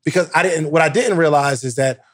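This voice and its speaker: A man hosting a podcast interview in casual chat, reacting eagerly with quick hype lines. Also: a little high, no room sound, studio quality. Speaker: podcast host.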